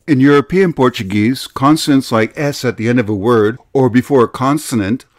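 A man's voice: mid-range voice, no echo. A man giving scripted, explanatory narration for a language lesson video. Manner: explanatory, measured.

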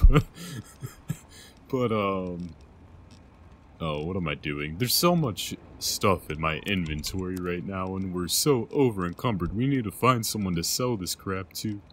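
A man's voice: sits low, normal speed, a bit bright, slight background noise. A man giving casual gameplay commentary as a let's play host, rambling and self-deprecating, with lots of hesitant fillers.

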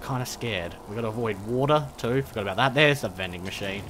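A man's voice: on the low side, fast, background noise. Jokey man playing a game. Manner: chatty, jokey, nervous muttering. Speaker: gameplay commentator. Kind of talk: casual let's-play commentary.

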